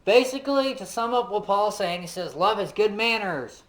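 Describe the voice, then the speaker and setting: Male Bible teacher, fairly high voice, relaxed conversational delivery, quizzes his listeners directly. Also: normal speed, rough recording. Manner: conversational, peppered with "you know"; asks the listeners direct questions. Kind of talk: casual Bible lesson.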